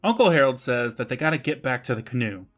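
Lively, animated man recapping with laughs. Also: mid-range voice, fast talker, soft background music. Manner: laughing, swearing, recaps plot and mimics characters. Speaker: podcast co-host. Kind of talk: casual recap chat.

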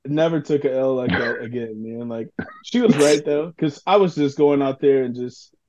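A man co-hosting a podcast, telling a story in a casual, animated way and laughing through it. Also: mid-range voice, moderate pace. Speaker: podcast co-host. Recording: dull lo-fi sound.

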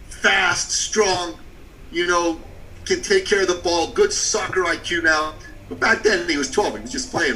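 Male business coach, punchy and animated storytelling, somewhat high voice, distant mic. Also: a little hiss or hum. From Canada. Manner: animated storyteller, short punchy phrases, drops to a hushed tone for emotional parts. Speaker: business coach and podcast guest. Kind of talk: storytelling on a podcast.

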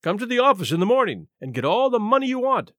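A man voicing an excitable, pleading gentleman in an opera hat in a story reading. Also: fairly high pitch, brisk, no room sound, clean studio sound. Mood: excited. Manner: eager, pleading.

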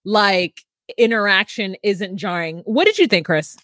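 A woman's voice: medium pitch, unhurried, a bit bright, dry recording, studio quality. A woman co-hosting a podcast, recapping reality TV in a chatty, giggly way. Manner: chatty, giggly, does mock voices. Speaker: podcast co-host. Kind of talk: casual reality TV recap chat.

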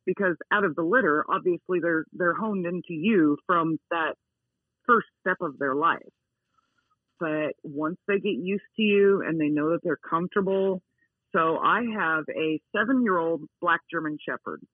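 A woman's voice: fairly low pitch, a little slow, breathy edge, no echo. Emphatic woman on a tinny phone line. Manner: emphatic, not soft-spoken, repeats key words. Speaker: dog owner interviewed as a guest. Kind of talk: casual phone interview.

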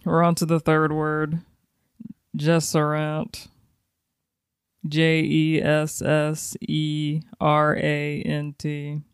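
A woman's voice: low-pitched, completely flat delivery, drawn-out words, smooth, dry recording, clean studio sound. A woman co-hosting a podcast with her sisters, reading out words and definitions in a matter-of-fact way. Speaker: podcast co-host. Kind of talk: casual chat.

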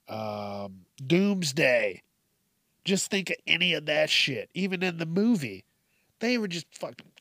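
A man's voice: fairly high pitch, sing-song, measured pace, vocal fry, pushed and bright, no echo, clean studio sound. A man hosting a podcast alone, rambling through a casual, profane, self-mocking monologue. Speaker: podcast host.

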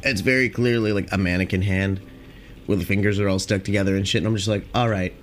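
A young man hosting a podcast, rambling casually and profanely with lots of filler, and high on cannabis. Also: fairly even intonation, fast talker, a little hiss or hum. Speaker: podcast host.

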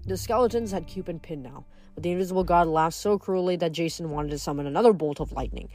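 A woman reading a novel aloud in an even narrating voice, then musing on the chapter afterward. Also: on the low side, quick pace, few pauses, soft background music. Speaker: book reader.

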